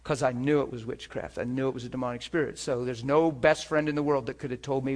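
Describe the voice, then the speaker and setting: A man's voice: medium pitch, steady tone, fast, hardly any pauses. A man preaching a sermon, telling an earnest testimony to his church with emphatic rhetorical questions. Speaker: pastor.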